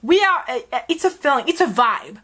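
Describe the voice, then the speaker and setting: A woman from France speaks English with a French accent, in a rather high voice. She rants casually to camera, swearing freely and teasing, with her pitch leaping up whenever she gets worked up. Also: brisk, soft background music. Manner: animated, profane, teasing, jumps in pitch. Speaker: video creator. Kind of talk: casual reaction commentary.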